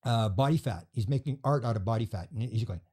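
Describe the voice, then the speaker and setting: A man talking at a fast clip, his voice husky and mellow. He tells stories as an interview guest and slips into the voices of the people he quotes. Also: medium pitch. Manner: rapid storytelling, acting out quoted voices. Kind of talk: storytelling in a podcast interview.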